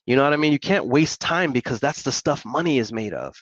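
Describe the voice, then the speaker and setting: A man's voice: medium pitch, a little fast, dry recording, dull audio. A man, a real estate investor and coach, talking energetically on a live stream with casual slang and repeated motivational points. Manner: energetic, repetitive, hype-coach delivery; casual slang, chatty asides to viewers.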